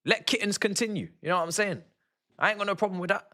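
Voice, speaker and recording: Young man, bright sharp voice, streams football watch-alongs, slangy and excitable, shouts at goals. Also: sits high, quick pace. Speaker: fan streamer. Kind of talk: live match watch-along commentary.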